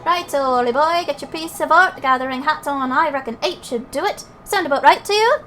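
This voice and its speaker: A woman's voice: high voice, brisk, a bit bright, slight background noise, pitched above the performer's own voice. A woman voicing a cheeky small male fairy sidekick in a game, with a put-on Welsh accent and a blunt, folksy way of talking. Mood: bossy.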